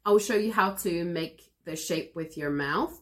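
A woman teaching pronunciation in a podcast lesson, calm and encouraging in a conversational way. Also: on the low side, normal speed. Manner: calm, encouraging, explains at an even conversational pace. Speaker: English teacher.

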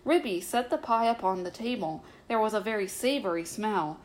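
Calm woman reading a bedtime story. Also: medium pitch, poor audio. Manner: calm, measured narration.

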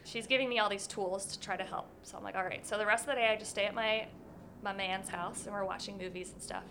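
A woman's voice: mid-range voice, fairly even intonation, fast, noisy background. A young woman in her twenties, a guest telling her own story in an interview, candid and earnest, with many "like"s. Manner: candid, earnest, says 'like' often.

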